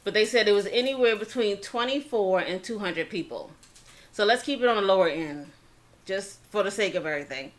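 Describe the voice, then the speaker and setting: This woman's mid-range, expressive voice carries a casual eating-show story time where she, as channel host, recounts a history story. She talks conversationally, acts out the characters' lines and pauses to spell words aloud.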